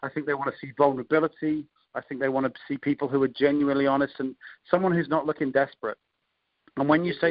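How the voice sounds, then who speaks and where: A man with an English accent coaching on a call, talking through sales invitation scripts in a relaxed, conversational way with frequent ums and restarts. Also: fairly high pitch, fast talker, no room sound, highs cut off. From England. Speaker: network marketing coach.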